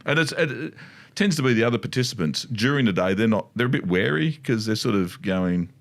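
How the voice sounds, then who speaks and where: This middle-aged Australian man co-hosts a laid-back chat about riding for a motorcycle dealership. His voice sits on the low side, gravelly and animated, and he talks fairly quickly. He rambles, restarting often and wandering into asides.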